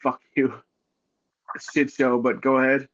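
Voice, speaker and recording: A man's voice: medium pitch, fairly even intonation, measured pace, muffled recording. A man co-hosting a podcast, joking and laughing often while chiming in during casual chat. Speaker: podcast co-host.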